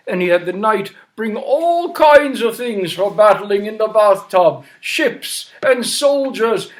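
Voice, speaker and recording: A male storyteller telling children's stories, animated and inviting listeners to repeat lines. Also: very high voice, unhurried, hardly any pauses.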